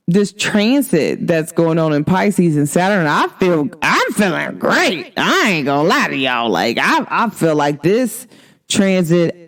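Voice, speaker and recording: A woman's voice: fairly low pitch, animated, a little slow. A woman hosting an astrology show, talking casually and emphatically to her viewers with sassy slang. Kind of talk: casual spiritual talk to viewers.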